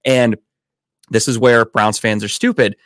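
A man's voice: lowish voice, fairly even intonation, unhurried, a bit bright, dry recording. A man hosting a casual sports podcast in a studio, joking and swearing as he talks football. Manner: loose, profane, joking. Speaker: podcast host.

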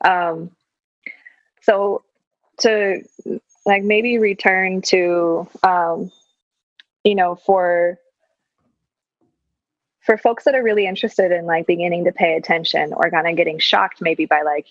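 A woman speaking as a therapist guest in a relaxed, thoughtful way, with frequent fillers and some casual swearing. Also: lowish voice, slow pace, long pauses, dry recording. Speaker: clinical social worker guest. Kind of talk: casual reflective conversation. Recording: dull lo-fi sound.

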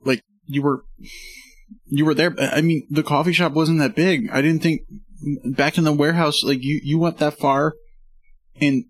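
A man's voice: fairly high pitch, steady tone, moderate pace, no room sound. A man playing a character in a tabletop game, talking casually with stammers and swearing. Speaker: player. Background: background music.

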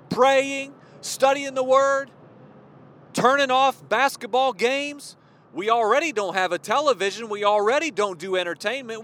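A man's voice: very high voice, sharp tone. A man giving an informal sermon to other men, rambling and restarting, addressing them as brothers. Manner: rambling, restarts often, talks to listeners as brothers. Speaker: preacher.

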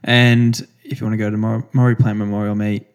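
A man's voice: on the low side, level tone, a little fast, clear, resonant tone. A young Australian man co-hosting a podcast in casual chat, easygoing and agreeable. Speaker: podcast co-host.

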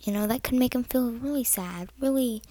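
A woman's voice: on the high side, moderate pace, heavy background noise. A woman giving earnest, rambling advice to the camera, often dropping to a whisper.

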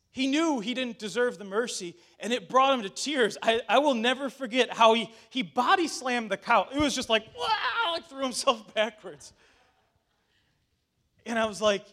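Here the pastor's voice is very high-pitched and a bit bright. In a casual sermon he recounts something that happened to him, talking loosely with fillers and false starts while voicing what others said.

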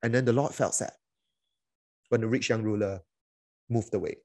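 Pastor preaching conversationally. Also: male voice, on the low side, moderate pace, a little mellow, dry recording. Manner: conversational, many fillers and restarts, acts out quoted voices. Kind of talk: sermon.

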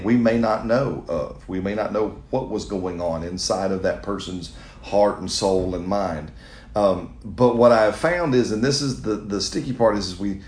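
A man's voice: fairly low pitch, reverberant. A middle-aged man, a pastor, answering a question in an earnest, conversational sermon style, speaking straight to his listeners. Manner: earnest, conversational, with restarts and direct appeals to listeners.

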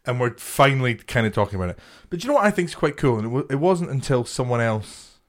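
A man chatting as co-host of a comedy podcast, at an ordinary middle pitch. He swears freely and laughs his way through stories. He talks in quick bursts, often restarting and repeating himself mid-thought. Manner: sweary, laughing, animated storyteller. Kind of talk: casual chat.

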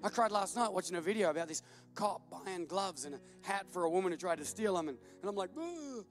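Man, pastor, very high voice, joking sermon, self-deprecating, faint music behind. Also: quick pace. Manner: self-deprecating, animated storytelling with laughs. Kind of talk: humorous sermon.

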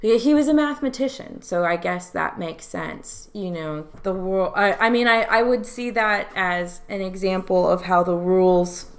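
A woman's voice: medium pitch, normal speed, few pauses. A woman in casual conversation, frankly critiquing a poem and asking pointed questions. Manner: frank, questioning, laughs easily. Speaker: reader giving feedback.

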